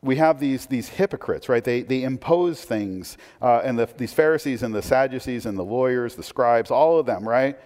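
A man's voice: medium pitch, normal speed, few pauses, a little mellow. A man preaching a casual, conversational sermon from the pulpit, chatty and self-deprecating, with frequent fillers and restarts. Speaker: pastor. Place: church sanctuary. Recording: long reverb of a church hall.

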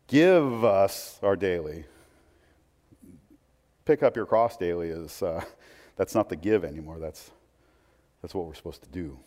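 A man's voice: low voice, moderate pace, mellow. A man preaching a sermon in a conversational way, with asides and restarts. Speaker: pastor. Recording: long hall reverb.

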